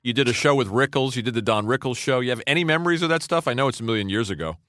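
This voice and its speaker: A man's voice: mid-range voice, lively intonation, rapid-fire, a bit bright, no room sound, clean studio sound. A man co-hosting a casual interview, asking questions with enthusiasm. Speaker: podcast co-host.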